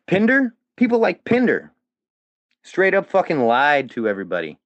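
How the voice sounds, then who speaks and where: A man who was once a fan of a comedian goes on a heated, profanity-filled rant at his critics as a podcast guest. His voice is fairly high and bright, with huge pitch swings at a normal pace, and the recording is lo-fi with no room sound.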